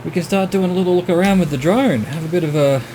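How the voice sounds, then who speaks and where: A man's voice: sits high, quick pace, mellow, slight background noise, low-quality recording. A middle-aged Australian man giving gameplay commentary as a streamer, musing and talking himself through what he is doing at home.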